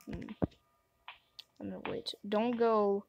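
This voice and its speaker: A woman's voice: mid-range voice, steady tone, takes it slowly, vocal fry, a little mellow, lo-fi sound, slight background noise. A woman giving let's play commentary on a horror game, jumpy, gasping and talking back to the game. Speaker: gamer.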